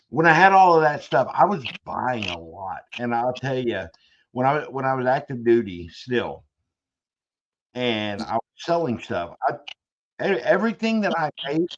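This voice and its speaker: A man's voice: medium pitch, sing-song, measured pace. A man hosting a podcast, telling rambling stories in a joking, casual way. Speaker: podcast host. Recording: dull lo-fi audio.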